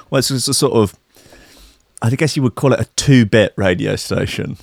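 A man's voice: mid-range voice, moderate pace, creaky, no room sound, clean studio sound. A man hosting a casual comedy show, talking in a sweary, rambling and sarcastic way. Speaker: host.

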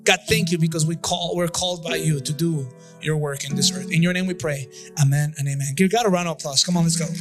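A male pastor leads an impassioned altar-call prayer in a church, repeating phrases and drifting into a half-sung cadence. His voice sits high for a man. Instrumental music plays clearly underneath him. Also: fairly even intonation, fast.

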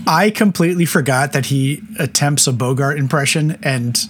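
A man's voice: fairly high pitch, normal speed, slightly rough. A man in his forties co-hosting a casual movie podcast, chatty and wry, laughing often as he talks. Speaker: podcast co-host. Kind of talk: casual film discussion.

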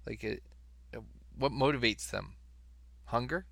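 A man's voice: medium pitch, measured pace, vocal fry, fairly bright tone, dry recording. A man hosting a casual podcast chat, asking questions. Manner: questioning, restarts words. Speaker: podcast host.

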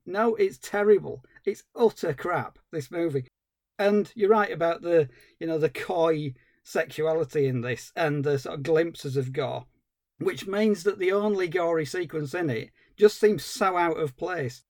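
A man co-hosting a podcast, giving an animated, exasperated film review with dry humour. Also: a little high, unhurried, no room sound. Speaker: podcast co-host. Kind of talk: casual film review chat.

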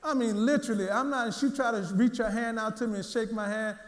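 A male minister preaching a sermon, telling a personal testimony in a lively way and repeating his words as he goes. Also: sits high, brisk, echoey room. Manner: lively storytelling, repeats words, acts out quotes.

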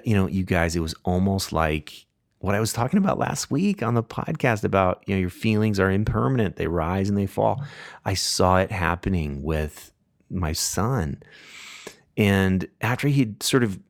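A middle-aged man hosting a podcast, telling a family story casually with frequent laughs and lively voices for the people he quotes. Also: fairly low pitch, creaky, dry recording, studio quality. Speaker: podcast host.

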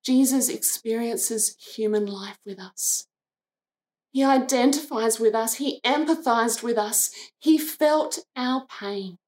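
A woman delivers a devotional sermon in a gentle, earnest way. Her voice sits a little high, and she takes her time, letting each short phrase land before going on. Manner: slow, gentle and earnest, briefly acting out the sisters' lines. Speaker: preacher.

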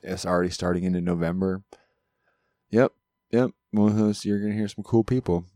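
Low-voiced joking podcast host. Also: male voice, steady tone, normal speed, dark tone, no echo, studio quality. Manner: playful, self-mocking, laughs a lot. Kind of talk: casual joking chat.

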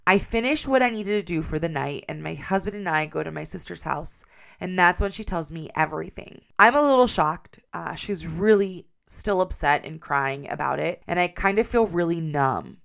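A woman's voice: lowish voice, expressive, normal speed, creaky, fairly bright tone. A woman telling a personal story in an earnest, confiding way.

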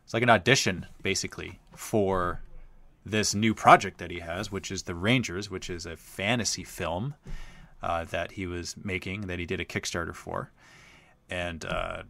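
Deep-voiced bright male host, rambling. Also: fairly even intonation, moderate pace, vocal fry. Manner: chatty, rambling, lots of uh fillers. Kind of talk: casual storytelling.

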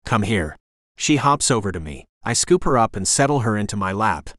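A man's voice: fairly low pitch, big pitch swings, brisk, fairly bright tone, no echo, studio quality. A man narrating a first-person romance audiobook as a brooding inner monologue.

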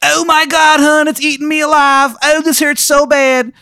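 A man voicing another man screaming in agony, shrieking in a high, strained voice from off in the distance. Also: little pitch movement, normal speed, bright, forceful tone, no echo, studio quality, exaggerated voice. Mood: agonized. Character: man being eaten alive, screaming in pain.

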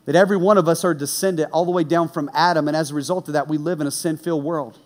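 A man preaching a sermon, telling a personal story with lively, animated delivery that drops low and quiet for serious points. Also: fast. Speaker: pastor.

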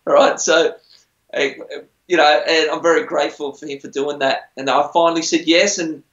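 A man's voice: a little high, steady tone, normal speed, a bit bright. Chatty man in a roomy space. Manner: rambling, chatty, self-deprecating. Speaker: musician on a TV singing show. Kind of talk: casual interview storytelling. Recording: roomy, dull lo-fi sound.

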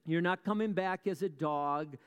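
A man preaching in a big church hall, his somewhat high voice ringing with a long echo. He tells stories with dramatic pauses, poses rhetorical questions and drops wry asides to the congregation. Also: clear, resonant tone. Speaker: pastor. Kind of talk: sermon.

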